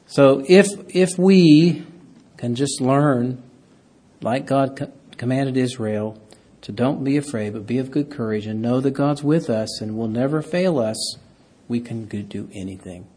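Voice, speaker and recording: Husky-voiced man preaching a sermon. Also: medium pitch, unhurried. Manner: reads scripture aloud, rising loud on key words. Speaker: pastor.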